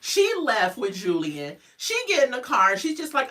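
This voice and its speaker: Sassy, animated woman recapping reality TV. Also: medium pitch, normal speed, hardly any pauses, far from the mic. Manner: animated, gossipy, sassy asides, laughs often. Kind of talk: casual recap chat.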